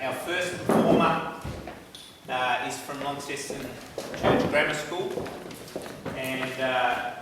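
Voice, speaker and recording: Australian MC, echoey and distant. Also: male voice, medium pitch. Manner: hesitant, lots of uh fillers. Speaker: event host. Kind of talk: stage introduction. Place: large hall. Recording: echoey hall, distant mic, background noise.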